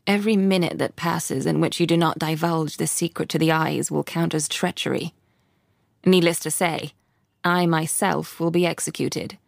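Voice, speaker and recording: A woman's voice: sits low, vocal fry, no echo, clean studio sound. Woman voicing a stern, formal older headmistress.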